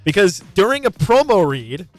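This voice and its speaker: A man co-hosting a casual sports talk show, easygoing and quick to laugh along. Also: high-pitched, big pitch swings, no room sound, soft background music. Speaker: radio co-host.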